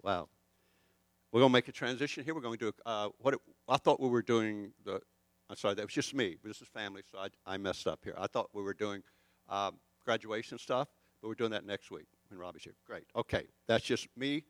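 A man's voice: on the low side, fairly quick, no echo. An older man preaching a conversational sermon, rambling and poking fun at himself as he tells stories. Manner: rambling, chatty and self-deprecating. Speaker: pastor.

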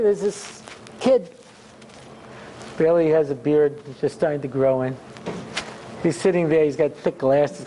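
A man giving a rabbi's Torah lecture, telling stories with humor and animated asides. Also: fairly high pitch, a little hiss or hum. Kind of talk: storytelling lecture.

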